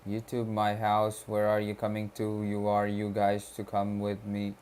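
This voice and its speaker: A man's voice: lowish voice, completely flat delivery, darkish tone, slight background noise. A young man from Kerala, India, whose first language is Malayalam, chatting casually on a study livestream and reading chat messages aloud with slang. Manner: slow, laid-back, reads chat aloud with slang.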